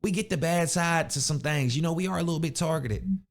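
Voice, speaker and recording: A young man rants into his podcast mic, blunt and animated, full of street slang. His voice sits a bit higher than most men's. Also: a little fast. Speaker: podcast host. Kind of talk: casual motivational rant.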